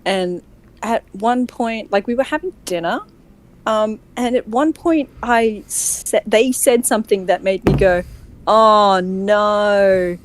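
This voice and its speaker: A woman with an Australian accent, a voice actor chatting casually, laughing often and filling pauses with um and like. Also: on the high side, darkish tone, a little hiss or hum. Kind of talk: casual group chat.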